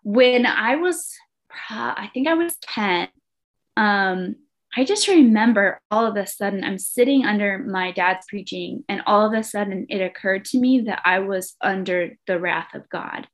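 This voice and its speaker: A woman recounting her own story as a podcast guest. She speaks earnestly and from the heart, in a casual, conversational flow with a voice of middling pitch. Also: a little slow. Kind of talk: personal testimony in conversation.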